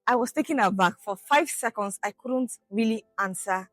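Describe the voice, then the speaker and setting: A woman's voice: fairly high pitch, normal speed, fairly bright tone, no room sound, faint music behind. A Nigerian woman project officer giving an interview answer with passion and rhetorical questions. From Niger Delta, Nigeria.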